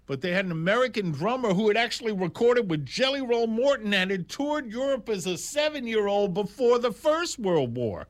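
A man in his sixties or older telling stories in a casual, animated, digressive way, full of exclamations and asides. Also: medium pitch. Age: 60s or older. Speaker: jazz storyteller. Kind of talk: casual storytelling monologue.

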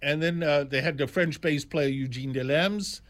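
A man in his sixties or older telling stories in a casual, animated, digressive way, full of exclamations and asides. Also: fairly high pitch, normal speed. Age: 60s or older. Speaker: jazz storyteller. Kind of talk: casual storytelling monologue.

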